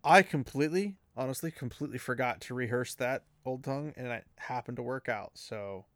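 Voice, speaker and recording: A man's voice: medium pitch, a little fast, no room sound. Chatty young man on a podcast. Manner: chatty, laughs often, many fillers. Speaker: podcast co-host. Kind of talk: casual chat and reading a novel aloud.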